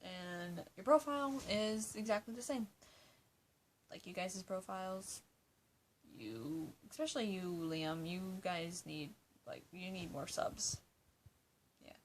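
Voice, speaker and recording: With a lowish, expressive voice, this eighteen-year-old speaks slowly and leaves long pauses, and a little hiss or hum sits in the recording. She's answering fan questions in a casual vlog, laughing a lot, swearing, and saying "like" constantly in her loose, chatty way.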